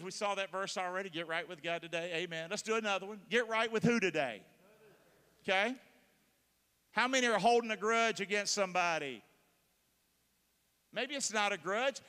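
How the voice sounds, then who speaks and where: A man's voice: high voice, pushed and bright. A middle-aged man preaching a sermon, leading the congregation in prayer and pressing them to answer back. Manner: emphatic, leads prayer, calls on the congregation. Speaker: pastor. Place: large church hall. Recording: long hall reverb from a church.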